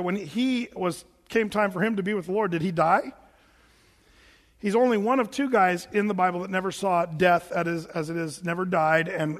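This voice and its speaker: A pastor preaching a sermon in a joking, animated way, acting out quoted voices as he goes. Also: high voice. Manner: jokey, acts out quoted voices; self-described big guy. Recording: long reverb of a large hall.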